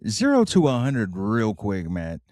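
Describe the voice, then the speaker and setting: Man, podcast co-host, slangy storytelling, very lively pitch. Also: measured pace, no room sound, studio quality. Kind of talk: casual comedic recap.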